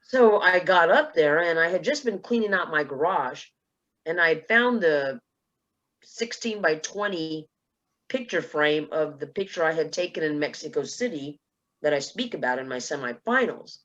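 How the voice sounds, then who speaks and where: Lively storytelling woman from South Texas. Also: low voice, moderate pace, dull audio. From South Texas, USA. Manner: lively, acts out dialogue in quotes. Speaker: panelist, speech contest finalist. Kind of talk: personal storytelling on a panel.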